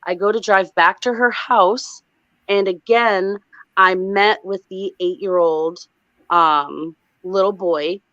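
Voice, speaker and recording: Woman telling a dream, animated. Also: mid-range voice, dry recording. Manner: animated, breathless storytelling. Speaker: guest. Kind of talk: retelling a dream on a livestream. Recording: dull lo-fi sound.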